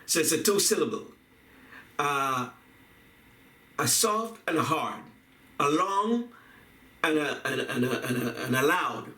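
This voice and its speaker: A man giving a reflective talk on poetry and music, speaking deliberately, repeating phrases and chanting rhythms aloud. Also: a little high, lively intonation, pushed and bright. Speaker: video essayist on poetry and music. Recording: echoey room, voice from a distance.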